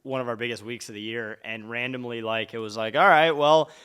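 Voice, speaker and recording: Bright, upbeat man hosting interview. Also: fairly low pitch, little pitch movement, smooth. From Minnesota. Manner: upbeat, jokey, quick reactions. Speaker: podcast host. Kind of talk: casual interview chat.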